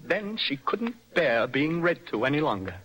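An actor playing a nervous, dreamy young poet in a radio stage play, speaking in a poetic, impassioned way. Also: male voice, on the high side, sing-song, normal speed, a bit bright, slightly rough, faint music behind, exaggerated voice, poor audio. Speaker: young poet in love with a married woman.

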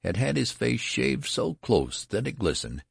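A man narrating a story as an audiobook reader, in a measured, dry storytelling manner. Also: medium pitch, very animated, creaky, breathy edge, no room sound.

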